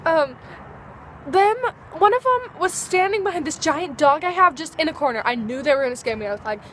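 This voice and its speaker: With a high, expressive voice and a fairly bright tone, a teenage girl vlogs outdoors at dusk, talking fairly quickly to the camera. Her chat is bubbly and rambling, and she acts out little dialogues. There is slight background noise.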